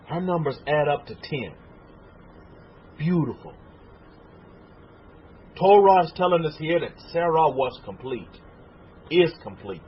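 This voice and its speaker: Animated, raspy-voiced male preacher, muffled. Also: a little high. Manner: emotional, animated preaching with repeated restarts and questions to listeners. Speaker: rabbi teaching a congregation. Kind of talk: sermon. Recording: muffled lo-fi recording.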